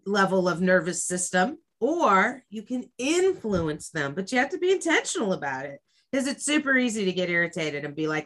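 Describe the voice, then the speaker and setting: A woman who runs stress trainings, talking casually and thoughtfully with frequent pauses. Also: mid-range voice, big pitch swings, a bit bright. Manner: thoughtful, hesitant with fillers. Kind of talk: casual conversation.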